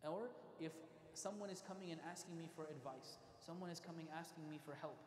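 A man giving a religious lecture, telling stories with lively acted-out quotes. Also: a little high, fairly quick, slight background noise. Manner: animated storytelling, acting out quotes. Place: mosque hall. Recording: echoey hall.

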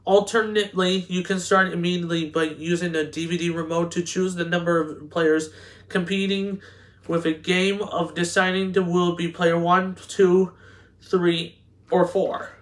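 A man with a fairly high voice reads game rules aloud. He talks haltingly, trips over words and restarts phrases again and again. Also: level tone. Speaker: host. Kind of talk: reading game instructions aloud.

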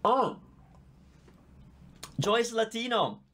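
A man's voice: very high-pitched, expressive, drawn-out words, fairly bright tone. A man with an Italian accent, a native Italian teacher giving a live online Q&A lesson, explaining patiently and chatting as he reads out viewer comments on a visible microphone. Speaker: language teacher.

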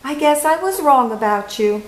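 A woman's voice: high voice, expressive, normal speed, reverberant, pitched above the performer's own voice, rough recording. A woman doing a sweet, kind old woman. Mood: gentle.

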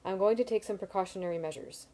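A woman's voice: medium pitch, fast, dark tone, close to an everyday voice. A woman voicing a young man, the hero of a story, earnest and a little defensive as she reads it aloud. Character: hot-headed young man, story's first-person hero.

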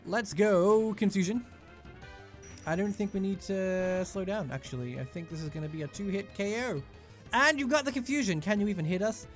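A man's voice: high voice, sing-song, moderate pace, a bit bright, faint music behind. A young man giving rambling, jokey commentary while he plays a video game. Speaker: let's play gamer. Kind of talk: casual gameplay commentary.

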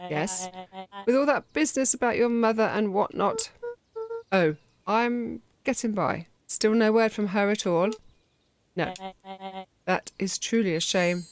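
A woman commenting on a story game and reading its dialogue aloud in a playful way. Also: mid-range voice. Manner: playful, reads lines with light voices. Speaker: gameplay streamer. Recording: game music playing behind.

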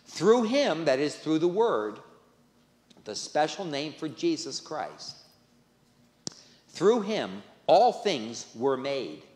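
Slow, emphatic pastor in an echoey church. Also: male voice, on the high side, sing-song, a little mellow. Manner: emphatic, repeats key phrases for stress. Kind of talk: sermon. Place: church sanctuary. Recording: echoey church with long reverb.

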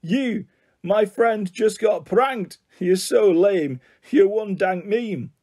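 A man's voice: high voice, very animated, fairly quick, mellow, breathy edge, exaggerated voice. A man voicing a kindly, earnest male head teacher who lectures fondly, in a storybook reading.

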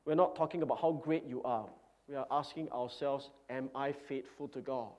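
A man's voice: mid-range voice, fairly even intonation, normal speed, a little mellow. A man preaching a sermon as pastor, speaking earnestly and emphatically, with repeated phrases.

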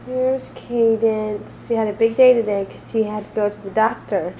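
A woman's voice: on the high side, steady tone, normal speed, gravelly, noisy background. A mother at home talking to her newborn in sing-song, coaxing baby talk, recorded on a camcorder. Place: at home, indoors. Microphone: built-in camcorder mic.

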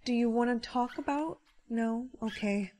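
A young woman storyteller acting out a skit in an expressive, animated way. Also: on the high side, unhurried. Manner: expressive, gasping surprise.

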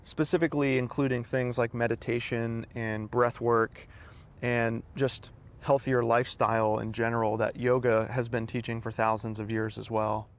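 A man's voice: mid-range voice, level tone, moderate pace. Man guiding a relaxation exercise. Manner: guiding, demonstrates yawns and sighs. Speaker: vision educator. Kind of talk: instructional explanation.

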